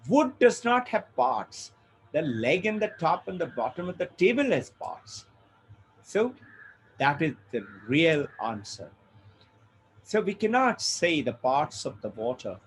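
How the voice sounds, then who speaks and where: A man's voice: fairly high pitch, slight background noise, low-quality recording. A man giving a spiritual lecture, explaining ideas through stories and rhetorical questions. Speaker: spiritual teacher.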